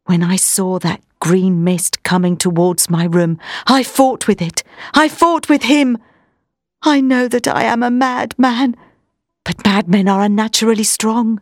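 A woman voicing a crazed male asylum inmate confessing in a halting, breathless way. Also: mid-range voice, fairly even intonation, dry recording, studio quality, natural voice. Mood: desperate.

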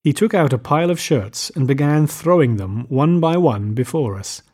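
Measured male audiobook narrator. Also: on the high side, animated, darkish tone, husky. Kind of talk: scripted literary narration.

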